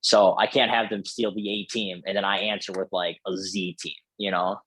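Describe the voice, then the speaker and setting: A man's voice: sits low, little pitch movement, normal speed, fairly bright tone, breathy edge, no room sound, rough recording. A man telling a casual, profane story full of filler words as a podcast guest.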